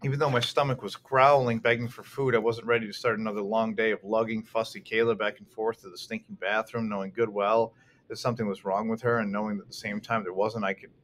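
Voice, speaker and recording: A man's voice: fairly low pitch, fairly bright tone, a little hiss or hum. A man reading a first-person novel aloud as an audiobook narrator, telling it expressively with occasional restarts.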